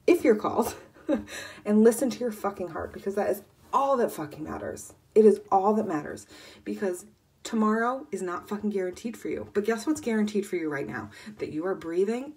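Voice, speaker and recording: Fervent, foul-mouthed woman coach. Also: lowish voice. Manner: fervent, swears constantly, swings between loud emphasis and near-whispers. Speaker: life coach. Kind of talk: impassioned motivational livestream.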